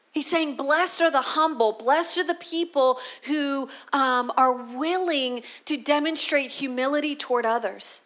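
With a high, fairly bright voice, this female pastor delivers her sermon in a conversational way, often starting sentences over again.

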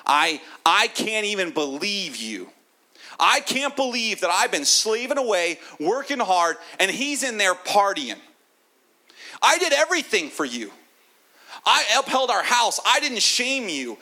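Man acting as an indignant older son, loud high outbursts, very bright and tense, wide swings. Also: sing-song, takes it slowly, heavily acted. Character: exasperated older son, a hardworking grown man protesting loudly.

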